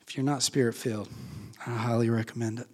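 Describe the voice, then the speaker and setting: A man's voice: mid-range voice, flat delivery, quick pace, darkish tone, long reverb tail. A man preaching a sermon in a church. He speaks in an impassioned way and builds to fervent exhortation. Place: church sanctuary.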